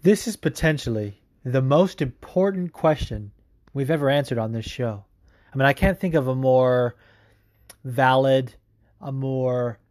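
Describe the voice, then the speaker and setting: A man's voice: mid-range voice, darkish tone, no room sound. A man hosting a podcast, casually answering listener questions in a joking, profane, mock-grand way. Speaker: podcast host.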